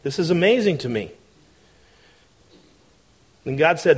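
A man preaching a sermon in a conversational, animated way, often asking the congregation questions. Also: on the high side, moderate pace, long pauses, breathy edge. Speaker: pastor.

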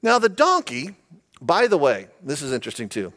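A man's voice: on the high side, huge pitch swings, moderate pace, a bit bright. A male pastor giving a humorous, conversational sermon, often asking the audience questions.

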